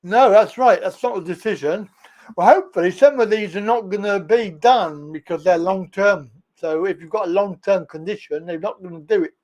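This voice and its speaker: A man's voice: high-pitched, moderate pace, a little mellow. A man with an English accent hosting a casual live stream, chatting with callers and laughing often. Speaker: livestream host.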